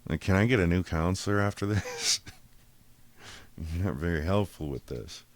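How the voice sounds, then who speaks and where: A man's voice: low voice, moderate pace. A man hosting a podcast, telling a story casually and full of swearing, acting out the quotes of each person. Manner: profane, animated retelling, acts out quotes. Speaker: podcast host.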